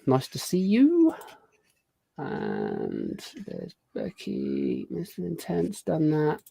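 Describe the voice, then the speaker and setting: A man hosting a casual live show, chatting warmly through a long list of viewer greetings. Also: on the high side, wildly swooping pitch, drawn-out words, gravelly, breathy edge, no echo. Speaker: podcast host. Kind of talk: casual live-stream chat.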